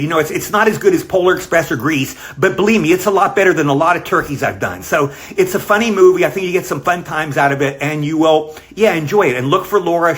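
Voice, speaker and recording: An older man with a slightly high voice records a casual video greeting. He rambles warmly through memories, circling back and restarting his sentences. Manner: rambling, warm storytelling with fillers. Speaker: actor sending a video greeting. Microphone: self-recorded video.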